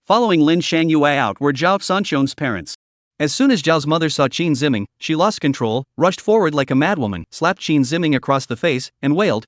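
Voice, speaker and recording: Lively male story recap narrator. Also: a little high, normal speed, dry recording, clean studio sound.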